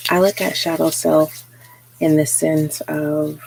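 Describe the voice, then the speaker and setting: A tarot reader giving a live spiritual reading, talking slowly and earnestly with frequent pauses and fillers. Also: medium pitch, level tone, vocal fry, a little mellow, husky, poor audio. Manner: slow, hesitant, many pauses and fillers; earnest, encouraging.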